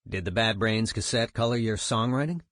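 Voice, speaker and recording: A man's voice: on the low side, normal speed, fairly bright tone, no room sound, studio quality, close to an everyday voice. A man voicing a male music journalist who asks short, probing questions.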